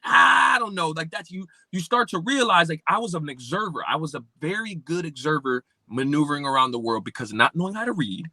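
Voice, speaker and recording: A man from Pennsylvania, a podcast guest telling his life story and acting out remembered dialogue with big swings in pitch. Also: lively intonation, brisk, hardly any pauses, bright, forceful tone, no echo. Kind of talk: personal storytelling in an interview.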